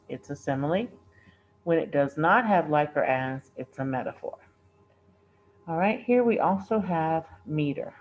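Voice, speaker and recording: A woman's voice: low voice, a little mellow. A woman teacher explaining lesson material patiently, often checking in with okay and all right. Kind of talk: recorded classroom lesson explanation. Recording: dull lo-fi recording with faint hiss.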